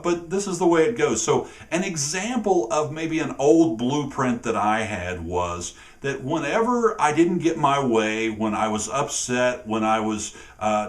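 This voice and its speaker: A man in a mid-pitched voice, coaching couples on communication in an earnest, conversational tone. He speaks directly to the viewer and draws some words out. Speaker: relationship coach, co-host. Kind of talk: casual talk to camera.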